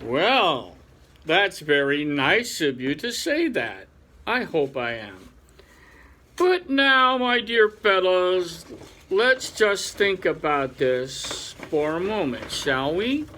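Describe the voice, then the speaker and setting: A man voicing a pompous older male chief rabbit in a storybook reading, speaking in a slow, patronizing drawl. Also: high voice, very animated, pushed and bright, heavily acted.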